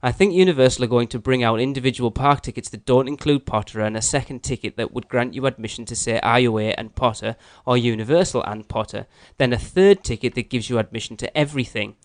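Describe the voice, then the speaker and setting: A man's voice: medium pitch, fast talker, hardly any pauses, dry recording. A man co-hosting a casual podcast, joking and reading listener emails aloud. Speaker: podcast co-host.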